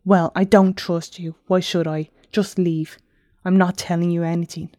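A distrustful young man from a fantasy novel snaps one demanding question after another, as a woman reads him aloud. The voice sits low and mellow, and the sound is close and dry, with no room around it. He never lets his guard down. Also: little pitch movement, normal speed, no echo, lightly acted. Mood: angry, distrustful. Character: wary, distrustful young man, hot-tempered.

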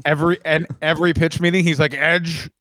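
A man co-hosting a comedy podcast, teasing his partner and telling stories with deadpan jabs. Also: fairly high pitch, fairly quick, no echo, studio quality. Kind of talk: casual comedic chat.

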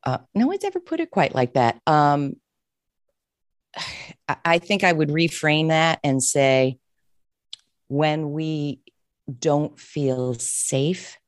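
Middle-aged woman guest, therapist type, heartfelt and expressive storyteller, dry close mic. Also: low-pitched, slow, long pauses, dry recording. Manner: emotional, expressive, restarts often. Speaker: therapist and coach, author. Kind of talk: candid interview storytelling.

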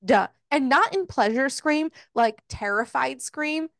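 A woman co-hosting a casual podcast, recapping a book in an exasperated, swearing, animated way and voicing the characters' lines. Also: high voice, a little slow, vocal fry, no echo, studio quality. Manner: swearing, exasperated, animated retelling with voiced quotes. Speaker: podcast co-host.

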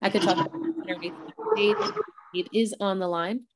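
A woman's voice: medium pitch, big pitch swings, normal speed, background noise. A woman hosting a podcast on a video call, chatting and reading out announcements in a rambling, casual way. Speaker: podcast host.

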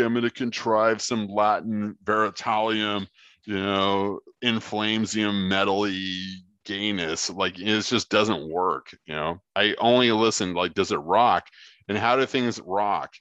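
A man's voice: low voice, bright, forceful tone, no echo. A man, a guitarist guest, talking in a rambling, joking, profane way over a remote call with a dull lo-fi sound. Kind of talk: casual interview chat.

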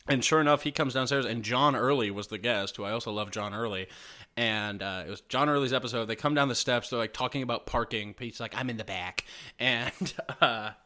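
A man hosting a podcast, telling a long anecdote in an excitable, rambling way. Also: mid-range voice, a little fast. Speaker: podcast host. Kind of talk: casual chat.

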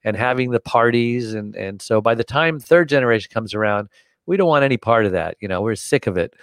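Older man telling an animated story, dry sound. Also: mid-range voice, brisk, no echo. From United States. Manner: animated, acts out the voices of the people in his story. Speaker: interview guest. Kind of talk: storytelling in conversation.

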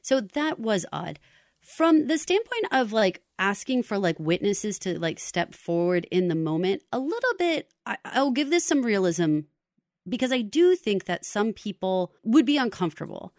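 Female podcast co-host, chatty and reasoning aloud, mid-pitched voice, dry close recording. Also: big pitch swings, moderate pace, a little mellow, no room sound. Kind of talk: casual chat discussing a TV drama.

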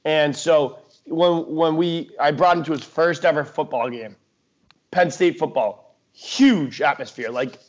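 A young man co-hosting a sports podcast, telling a story in a chatty, animated way with lots of fillers and restarts. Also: a little high, a little slow. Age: young adult. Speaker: podcast co-host. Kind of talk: casual sports chat. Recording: dull lo-fi podcast audio.

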